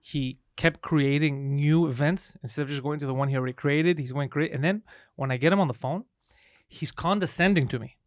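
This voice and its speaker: Guy ranting fast on a comedy podcast, kinda high voice, dry close mic. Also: no echo. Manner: rapid storytelling, profane, mimics others mockingly. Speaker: podcast co-host. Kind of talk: casual comedy podcast banter.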